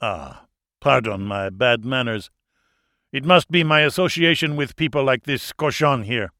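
Guy reading a sneery french crime boss, cold and mocking, calm middle pitch, dry close sound. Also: a little slow, no room sound. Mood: contemptuous. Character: cold, contemptuous French criminal boss man.

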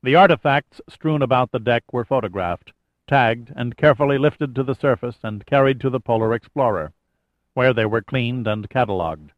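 A man narrating a novel in a measured, steady storytelling manner, in a dry, slightly muffled audiobook recording. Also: mid-range voice, dry recording. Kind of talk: scripted narration.

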